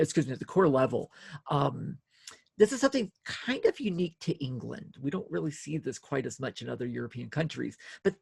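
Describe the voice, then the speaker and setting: A man talks through a history lecture with a gravelly, slightly husky voice at an ordinary pitch. He speaks loosely, stumbling over restarts and fillers while leaning hard on key words, and the recording is dry with little room sound. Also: darkish tone, no echo. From United States. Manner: conversational, many fillers and restarts, emphatic on key terms. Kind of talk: recorded lecture, casual spoken delivery.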